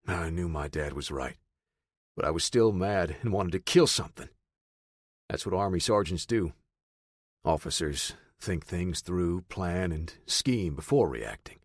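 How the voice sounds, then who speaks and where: Low-voiced man narrating an audiobook. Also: animated, measured pace, no echo, clean studio sound. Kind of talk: first-person audiobook narration.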